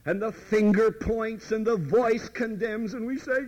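A man's voice: sits high, fairly even intonation, a little slow, few pauses, a little mellow, highs cut off. Man preaching with dramatic emphasis. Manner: emphatic, dramatic, drops to near whispers; addresses listeners directly and personally. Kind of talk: sermon.

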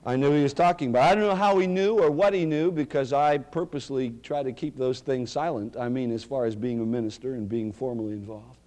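A man's voice: medium pitch, brisk, hardly any pauses, darkish tone. A middle-aged man preaching a sermon, telling stories and building to emphatic declarations. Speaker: pastor.

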